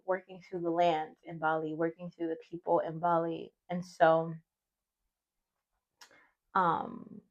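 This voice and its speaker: A woman's voice: lowish voice, fairly bright tone, muffled recording. A woman in her thirties, a vlogger and retreat host, telling her own story in a chatty, heartfelt way and sometimes voicing her own past thoughts. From United States. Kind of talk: casual personal storytelling vlog.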